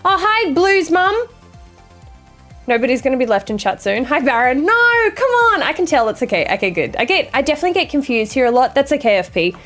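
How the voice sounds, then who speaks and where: A young woman streamer with a fairly high voice chats from her home setup over a desk mic, faint music playing behind her. Her humor is bone-dry and sarcastic, and she trades sassy banter with her chat. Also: sing-song, fast, fairly bright tone. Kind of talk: casual chat with viewers, reading chat aloud.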